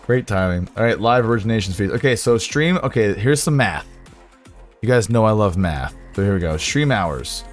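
Young male streamer, low voice, crude banter, faint background music. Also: expressive, moderate pace. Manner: joking, crude, working through math aloud. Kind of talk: casual live-stream chat.

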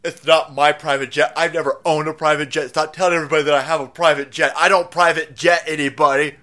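Man doing a defensive older politician, prim, indignant, a bit louder. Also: on the high side, flat delivery, quick pace.

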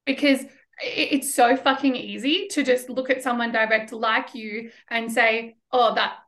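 A woman hosts a podcast in a relaxed, casual way. She affirms her guest and swears casually. Her voice sits a little high. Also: unhurried. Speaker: podcast host.

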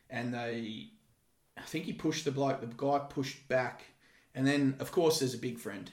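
A man's voice: medium pitch, normal speed. A man who used to work security, telling a story casually with lots of swearing. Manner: profane, lively anecdotes. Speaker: former security guard. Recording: roomy echo.

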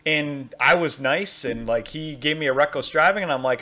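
Casting: podcast host, higher-pitched man, rambling storyteller. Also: normal speed, few pauses, pushed and bright. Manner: rambling, restarts, candid storytelling. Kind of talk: casual chat.

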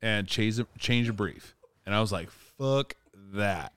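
A man chats on a podcast in a low, smooth, clear voice, swearing casually as he tells a story. He sounds easygoing and jokes along with his co-host. The mic is close and dry. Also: fairly even intonation, moderate pace, sharp tone, no echo. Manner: profane, laid-back, laughs along.

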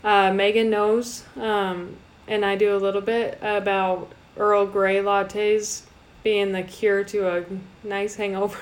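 A young woman co-hosting a casual podcast, chatty and quick to laugh, with casual swearing. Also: medium pitch, level tone. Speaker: podcast co-host. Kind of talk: casual chat.

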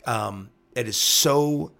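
Verse by verse, an earnest pastor works through scripture in a devotional teaching talk, repeating key phrases and tossing in a quick "right?" to check in. He has a mid-range, creaky voice with a sharp tone.

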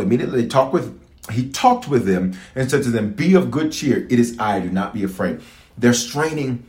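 A man preaching as a bishop at a prayer service, emphatic and repetitive, calling out to his congregation. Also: mid-range voice. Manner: emphatic, repeats phrases, calls to congregation. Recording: echoey room.

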